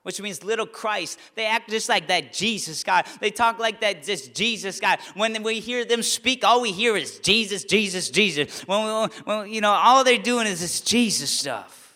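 High, bright-voiced preaching man. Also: animated, normal speed, in a large hall. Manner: impassioned preaching, rising to near-shouts on key lines. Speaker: pastor. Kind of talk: sermon.

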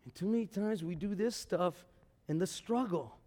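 High-voiced preacher shouting in a church hall. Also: male voice, normal speed. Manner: swings from shouting to low, quiet talk; repeats words, stammers on restarts. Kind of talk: sermon. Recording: long hall reverb.

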